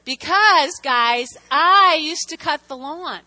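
High bright-voiced woman telling stories. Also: takes it slowly. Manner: animated, with many restarts and asides. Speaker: church speaker. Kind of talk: personal storytelling talk.

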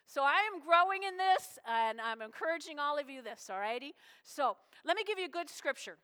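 A woman pastor preaching a sermon in a lively, folksy way, slipping into little acted-out voices. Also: sits high, brisk, big-room sound.

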